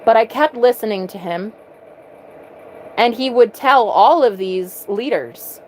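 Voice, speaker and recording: A woman's voice: a little high, expressive, measured pace, a little mellow, a little hiss or hum, poor audio. A woman vlogger telling a personal story earnestly, often repeating words as she restarts.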